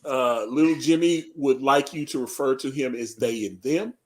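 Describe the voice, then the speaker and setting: A man's voice: medium pitch, moderate pace. A man co-hosting a casual live reaction chat, rambling and joking with frequent laughs. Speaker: podcast co-host.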